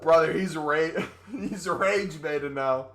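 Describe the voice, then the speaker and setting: A male streamer chatting during a live game stream on his microphone, excitable and joking. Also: a little high, takes it slowly, soft background music. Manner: excitable and joking, with whoops and laughs.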